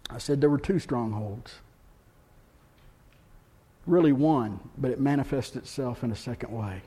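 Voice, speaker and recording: A pastor from the United States preaching a sermon in a church, moving between quiet, earnest stretches and loud, impassioned ones. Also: male voice, medium pitch, a little slow, breathy edge. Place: church sanctuary.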